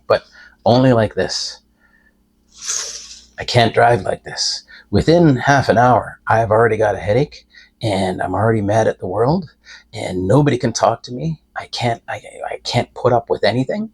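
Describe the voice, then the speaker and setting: A man's voice: mid-range voice, breathy edge. An older man talking in a folksy, rambling way, giving preachy advice from inside a car. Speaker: vlogger. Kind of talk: casual rambling talk to camera.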